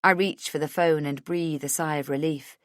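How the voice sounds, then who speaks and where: A woman reading a first-person thriller audiobook in a measured, tense way, close to the mic. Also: low voice, steady tone, no room sound. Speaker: audiobook narrator.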